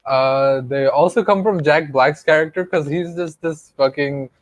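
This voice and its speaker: A man's voice: on the high side, unhurried, dry recording, muffled recording. A man co-hosting a podcast, rambling in casual chat, swearing freely and laughing often. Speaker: podcast co-host.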